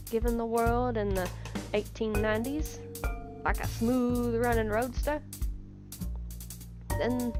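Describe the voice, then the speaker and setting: Woman voicing a blunt young male cabbie, put-on Southern drawl, gruff, music bed underneath. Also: fairly high pitch. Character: young angry male taxi driver, blunt.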